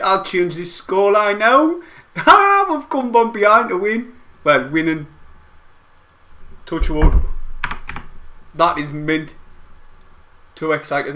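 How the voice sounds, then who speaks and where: A man giving excitable, rambling play-by-play of a match from home, as host of a fan watch-along. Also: a little high, slow pace, pauses often. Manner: excitable, rambling fan commentary with mild swearing. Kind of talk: casual live play-by-play commentary. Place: at home, not at the stadium.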